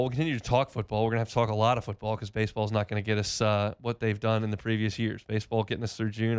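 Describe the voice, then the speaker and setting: A man's voice: lowish voice, clear, resonant tone, no room sound, studio quality. A man hosting a sports radio show, talking casually with wry, self-mocking asides.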